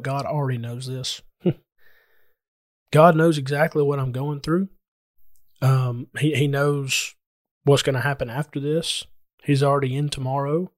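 Preacher, male, slightly higher voice, earnest and explanatory, talks straight to listeners, dry recording. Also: dry recording. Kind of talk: sermon.

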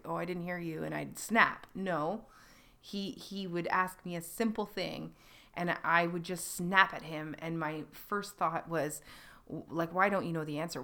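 A woman in her thirties hosting a podcast, telling her personal story in a halting, reflective way with many pauses and restarts. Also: fairly low pitch, a bit bright. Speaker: podcast host.

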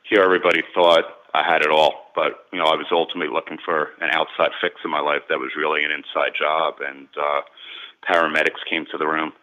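A man's voice: very deep voice, little pitch movement, fast, highs cut off. A man, a sports and celebrity agent, candidly recounting his own story as a guest in an interview, earnest and repeating words when moved.

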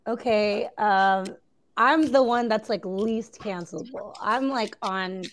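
A woman's voice: mid-range voice, slow, slight background noise. A woman with a New Zealand accent, co-hosting a podcast in casual chat, chatty and giggly with many fillers. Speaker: podcast co-host.

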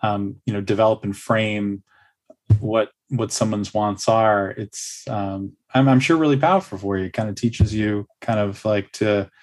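A man hosting a casual conversation, talking in a halting, rambling way with many restarts and fillers. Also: on the low side, fairly even intonation, a little mellow.

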